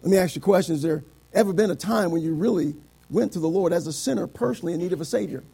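A middle-aged man preaching a sermon, quoting scripture in old biblical wording and swinging between shouted climaxes and quiet, low passages. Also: very fast, creaky, husky. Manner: quotes scripture in King James wording.

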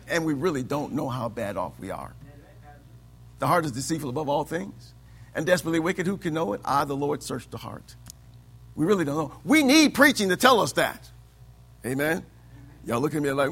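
Preacher, male, high and bright, call-and-response delivery. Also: big pitch swings, a little fast, creaky, husky. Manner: swings from loud declaiming to quiet asides. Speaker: pastor. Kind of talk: sermon.

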